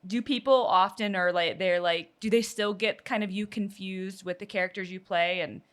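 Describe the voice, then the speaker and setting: A woman's voice: medium pitch, fairly even intonation, normal speed, fairly bright tone. A woman co-hosting a podcast interview, talking in a playful way and laughing often. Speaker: podcast co-host.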